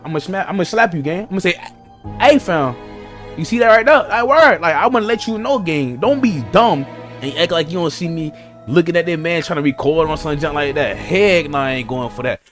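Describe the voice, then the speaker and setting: Young male streamer, slangy, lively pitch, light music under. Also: brisk. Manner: slangy, animated, rambling asides to chat. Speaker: streamer reacting to a story video. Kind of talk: casual reaction commentary. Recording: music playing behind.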